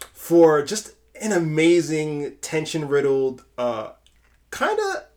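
A young man co-hosting a podcast, talking in a relaxed and animated way at a middle pitch. He swears freely and throws himself into the conversation. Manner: animated, profane, acts out film quotes. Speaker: podcast co-host. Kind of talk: casual podcast chat.

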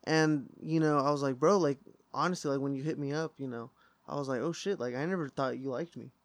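A man's voice: mid-range voice, fairly even intonation, a little fast, dry recording. A young man in casual podcast chat, speaking openly and reflectively. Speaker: podcast host.

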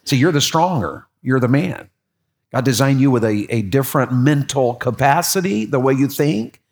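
A middle-aged man preaching a sermon, telling a personal story with lively repeats and sudden rises in his voice. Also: mid-range voice, normal speed. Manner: animated storytelling, repeats words, voice jumps up when excited. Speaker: pastor.

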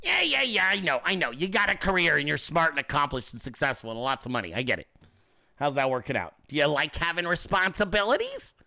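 A man's voice: on the high side, very animated, quick pace, creaky, bright, forceful tone. A man hosting a casual livestream, mocking and profane, laughing often and switching into sarcastic put-on voices. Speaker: host.

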